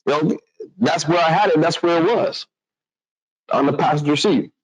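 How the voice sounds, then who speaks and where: A man telling a personal story to an audience in a lively, animated way. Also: fairly high pitch, normal speed, slightly rough, rough recording. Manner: animated, acts out other voices, restarts a lot.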